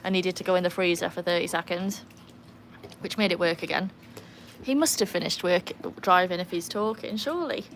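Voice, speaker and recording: A woman chatting casually on a livestream from beside a backyard pool, breaking into a high sing-song voice to praise her dog. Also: fairly quick, a little hiss or hum. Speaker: livestream host and dog owner. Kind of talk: casual live chat. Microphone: phone.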